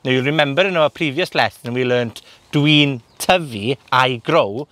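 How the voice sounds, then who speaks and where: A Welsh man with a Welsh accent giving a gardening lesson in a polytunnel, speaking slowly and repeating words for learners. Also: mid-range voice, a bit bright, dry recording. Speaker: gardening and language teacher. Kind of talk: bilingual outdoor lesson.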